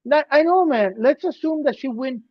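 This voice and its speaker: A man's voice: very high-pitched, lively intonation, normal speed, no room sound. Ranting man on a dull, dry podcast mic. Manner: emphatic, ranting, shifts loud to soft. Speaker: podcast co-host. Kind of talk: casual podcast chat.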